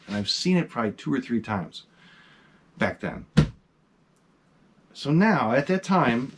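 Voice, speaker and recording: A middle-aged man casually telling a ghost story to his vlog audience, animated and swearing freely. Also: medium pitch. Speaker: vlog host.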